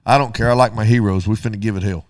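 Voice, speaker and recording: Man telling a lively story. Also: lowish voice, racing, dry recording, clean studio sound. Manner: animated, acts out both sides of dialogue. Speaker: radio show co-host. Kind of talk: casual storytelling chat.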